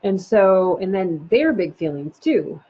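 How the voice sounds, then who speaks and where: A woman parenting coach giving a live online talk, animated and chatty with many fillers. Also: on the low side, unhurried, husky. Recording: dull lo-fi sound.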